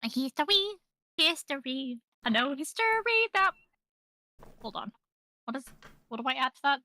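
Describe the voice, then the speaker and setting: A woman playing a tabletop game, chatting casually, bubbly and quick to joke. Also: sits high, expressive, bright, forceful tone. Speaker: player.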